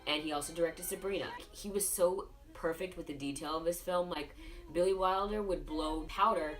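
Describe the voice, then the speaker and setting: With music playing in the background, a tipsy woman hosts a casual film review, rambling through the story in a profane, gossipy way. Her voice is fairly low and her pace moderate.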